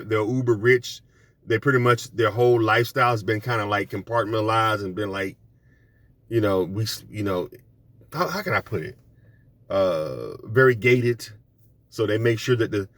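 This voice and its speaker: Man, casual storytelling vlog, blunt, profane, rambling restarts, mid pitch, dry sound. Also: a bit bright, dry recording. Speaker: vlogger telling stories.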